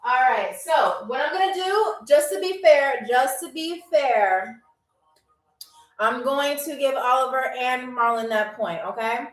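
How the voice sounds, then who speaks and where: High-voiced chatty woman hosting a game. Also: unhurried, reverberant, far from the mic, poor audio. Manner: chatty, teasing, laughs often. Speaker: game show host. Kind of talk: playful livestream hosting.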